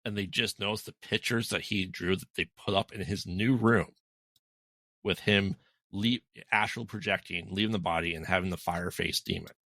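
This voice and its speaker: A man's voice: low-pitched, steady tone, normal speed, pushed and bright, dry recording. A man co-hosting a podcast who retells a film's plot in casual chat, rambling with frequent ums. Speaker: podcast co-host. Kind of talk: casual movie recap chat.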